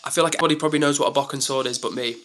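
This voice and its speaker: Bright-voiced chatty young man streaming. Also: medium pitch, steady tone, very fast. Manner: chatty, upbeat, lots of "like" and "um". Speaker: live streamer reading chat. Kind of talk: casual live stream chat.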